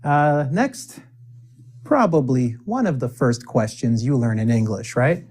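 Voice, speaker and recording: A man teaching spoken English, drilling phrases for the viewer to repeat, with deliberate pauses and playful asides. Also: mid-range voice, animated, darkish tone.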